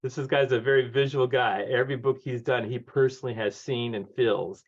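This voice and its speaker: Older man telling lively anecdotes, muffled. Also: medium pitch, brisk. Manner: lively anecdotes, acts out quoted voices, laughs often. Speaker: guest author. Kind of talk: conversational storytelling. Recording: dull lo-fi audio.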